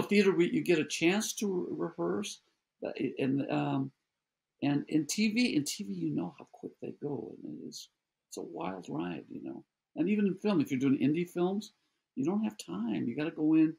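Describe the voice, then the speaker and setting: An older man, an actor talking as a guest in a casual interview, halting and often restarting his sentences. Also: mid-range voice, vocal fry, darkish tone, slightly rough. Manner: halting, many restarts and repeated words.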